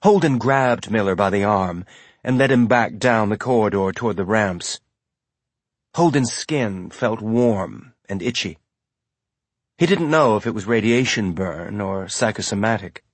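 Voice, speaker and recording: A man giving measured, scripted audiobook narration. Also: fairly low pitch, animated, dry recording.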